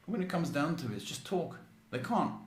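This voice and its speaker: A man's voice: a little high, lively intonation, fairly quick, reverberant, a little hiss or hum. A man hosting a live psychic tarot advice show. He gives blunt, emphatic guidance and often repeats or restarts his words.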